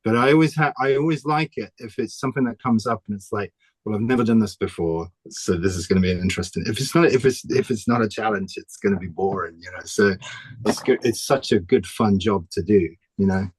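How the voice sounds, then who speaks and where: A man, a comic artist talking casually in an interview, chatty and quick to laugh. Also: lowish voice, breathy edge, no room sound. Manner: chatty, laughs often, restarts sentences.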